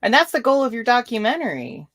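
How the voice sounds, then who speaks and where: A woman's voice: fairly high pitch, sing-song, fast, a bit bright, dry recording, studio quality. A woman hosting a casual interview, asking chatty questions full of fillers. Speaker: host.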